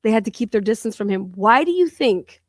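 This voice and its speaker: A woman's voice: mid-range voice, lively intonation, a little fast, no room sound, clean studio sound. A woman co-hosting a commentary show, talking bluntly and with open scorn. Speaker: co-host. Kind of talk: profane commentary.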